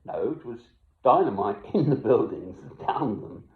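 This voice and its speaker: An older man talking in a rambling personal monologue, musing and wandering, swinging between loud and hushed. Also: mid-range voice, lively intonation, moderate pace. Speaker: self-made video speaker. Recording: echoey room, tinny phone-like sound.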